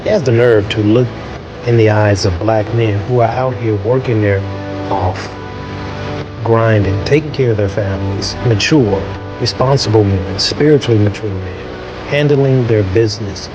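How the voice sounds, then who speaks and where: A man's voice: fairly low pitch, normal speed. A man giving an exasperated political reaction monologue, ranting and repeating himself. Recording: dull lo-fi audio with music underneath.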